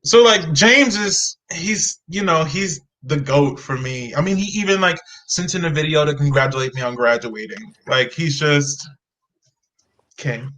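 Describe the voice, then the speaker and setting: A young man, a guest on a video call, telling animated stories and acting out the voices of people in them. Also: fairly high pitch, a little slow, poor audio. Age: young adult. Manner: lively, acts out voices in his stories. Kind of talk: animated storytelling.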